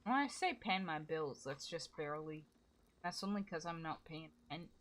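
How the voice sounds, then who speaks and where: A woman's voice: sits low, animated, normal speed, a bit bright, a little hiss or hum. A young woman casually commenting while she plays a video game, self-deprecating and chatty, swearing now and then. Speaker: gaming streamer. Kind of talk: casual let's-play commentary.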